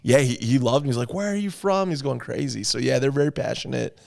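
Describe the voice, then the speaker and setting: Gravelly-voiced podcast host. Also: male voice, mid-range voice, quick pace, darkish tone, no echo, studio quality. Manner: laughs often, easygoing, chimes in with short reactions. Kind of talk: casual podcast chat.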